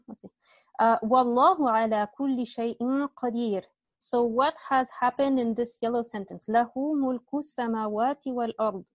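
A woman's voice: a little high, darkish tone, dry recording. A woman teaching an online Arabic grammar class, explaining step by step and often checking with students, with a slight cough.

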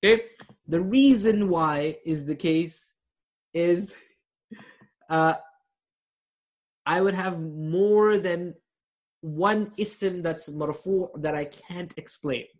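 A man's voice: high-pitched, slow pace, pauses often. A man teaching a live online grammar class over a video call, quizzing his students and laughing at his own jokes.

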